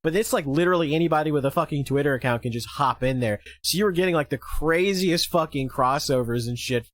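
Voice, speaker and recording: A young man chatting on a podcast in a loose, excitable way, swearing freely. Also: a little high, fast talker. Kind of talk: casual podcast chat.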